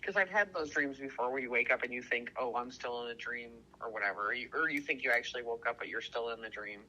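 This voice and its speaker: A man telling a story in casual chat, excitable and rambling, swearing constantly and stuffing every sentence with "like". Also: mid-range voice, fast, slightly rough, lo-fi sound. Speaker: podcast co-host.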